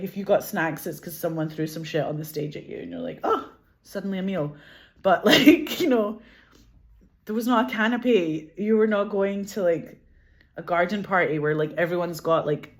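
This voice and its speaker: A woman with a Glasgow Scottish accent, chatting casually as an interview guest, animated, laughing often, swearing and saying "like" a lot. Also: on the low side, moderate pace. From Scotland. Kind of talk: casual chat.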